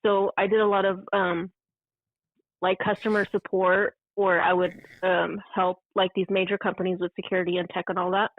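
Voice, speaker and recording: A woman's voice: medium pitch, level tone, normal speed, no room sound. A woman calling in to a show, chatting casually and laughing easily, heard over a phone line. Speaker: guest caller. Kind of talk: casual chat. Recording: dry tinny phone line.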